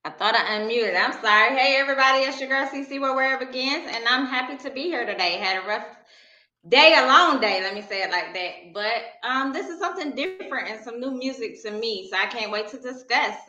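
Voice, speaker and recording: A woman panelist giving a short, soft-spoken greeting on a live online panel over a video call. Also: a little high, animated, fairly quick. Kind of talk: casual panel chat. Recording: dull roomy video-call audio.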